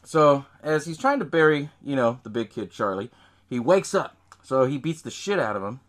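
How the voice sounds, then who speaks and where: Man host, loose and swearing film recap, animated ups and downs in pitch. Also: normal speed. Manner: rambling, profane, laughs at own retelling. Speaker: podcast host. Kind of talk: casual movie recap.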